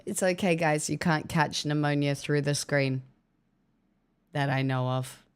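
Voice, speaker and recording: A woman's voice: sits low, measured pace, smooth. A woman chatting casually on a livestream, thanking viewers with wry asides while recovering from an illness and coughing now and then.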